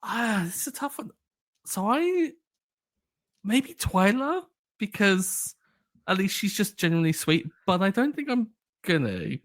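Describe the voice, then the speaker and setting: A man's voice: high voice, very animated, a little slow, pauses often, a bit bright. Playful man podcast co-host. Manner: playful, teasing, hesitant restarts. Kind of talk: casual chat.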